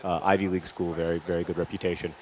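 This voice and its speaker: A man with a deep, level-toned voice talks very fast while hosting a gaming video. He tells a personal story casually and rambling, breaking off mid-sentence to comment on the match, on a dull lo-fi recording with faint hiss.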